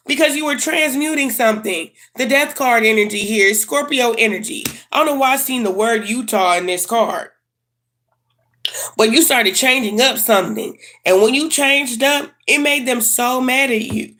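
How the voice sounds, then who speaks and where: A woman with a fairly high voice gives a casual tarot reading straight to camera. She is blunt and slangy, swears freely, and hammers her points home by repeating them. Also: pushed and bright. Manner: emphatic and repetitive. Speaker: tarot reader.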